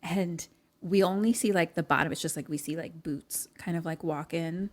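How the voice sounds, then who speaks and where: Young woman, lower-pitched, chatty podcast co-host, retells plots with filler words and acted-out quotes. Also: normal speed. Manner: chatty, many "like"s, acts out lines from the film. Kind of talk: casual chat, retelling a movie plot.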